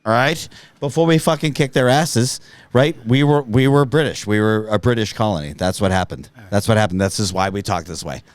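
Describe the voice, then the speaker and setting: A man's voice: lowish voice, brisk, no echo. A man co-hosting a podcast, cursing freely and insisting on a rambling point. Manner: swears a lot, rambling and insistent. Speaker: podcast co-host. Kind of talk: casual podcast chat.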